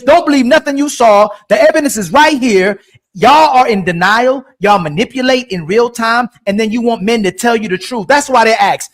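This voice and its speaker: A man on a panel in a heated debate, interrupting and repeating himself rapidly. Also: very high-pitched.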